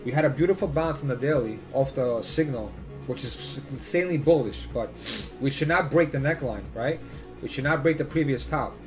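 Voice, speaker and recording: A man hosting his own channel, talking through charts in casual commentary. He sits in a mid-range voice and leans hard on repeated warnings, cursing freely as he goes. Soft music plays faintly behind him. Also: mid-range voice, moderate pace.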